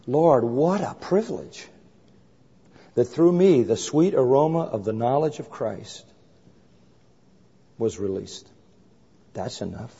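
A man's voice: mid-range voice, breathy edge. A man preaching a sermon, telling a story and acting out both sides of a conversation. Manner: animated storyteller acting out dialogue. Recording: muffled hall recording with long reverb.

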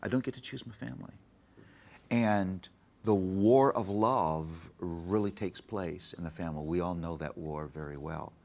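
A middle-aged man speaking earnestly in an interview, preaching with emphasis and softly retelling conversations with his child. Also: sits low, measured pace, creaky. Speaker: guest, Christian author on parenting. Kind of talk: earnest interview talk with told anecdotes.

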